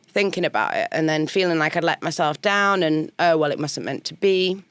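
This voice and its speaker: A woman's voice: on the low side, a little fast, no echo. A woman guest on a podcast, telling her story in a chatty way and acting out her own past conversations. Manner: animated, acts out her own past dialogue. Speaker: guest songwriter. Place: podcast studio.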